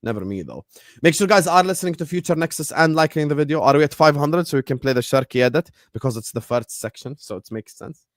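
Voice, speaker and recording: A man hosting a football fan livestream, excitable and laughing as he trash-talks rivals and banters with chat. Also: a little high, quick pace, dry recording, clean studio sound.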